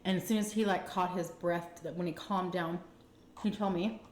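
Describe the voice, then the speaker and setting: A woman with a Texan accent telling a candid, chatty personal story to her viewers, full of fillers and animated retellings. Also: fairly low pitch, moderate pace, roomy sound. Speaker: food vlogger telling a story. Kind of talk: casual storytime chat.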